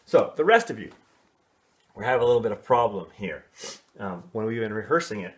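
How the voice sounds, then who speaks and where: A man's voice: lowish voice, big pitch swings, a little fast. Casual man coaching young singers. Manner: casual, explanatory, sings short snatches to demonstrate. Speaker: music teacher. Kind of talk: coaching a kids' choir on song solos.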